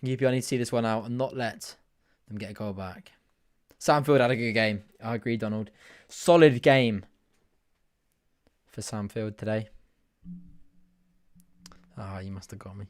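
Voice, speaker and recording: A man hosting a live football watch-along, mixing casual match commentary with chatty, excitable asides and frequent laughs. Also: medium pitch, normal speed, clear, resonant tone. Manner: chatty and excitable, laughs often, thanks viewers mid-commentary.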